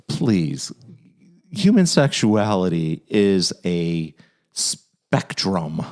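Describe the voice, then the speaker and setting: A man with a fairly low voice hosts a casual advice podcast. He speaks earnestly and with a playful warmth, urging listeners to step outside their comfort zones. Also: big pitch swings, slow. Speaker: podcast host giving advice.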